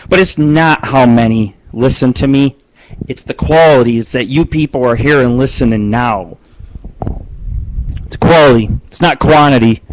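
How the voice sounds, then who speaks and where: A man's voice: mid-range voice, a little hiss or hum, rough recording. A man hosting his own live internet radio show, telling rambling, crude stories with plenty of swearing. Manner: crude, rambling storytelling with frequent swearing and laughs. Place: home studio broadcasting on live video.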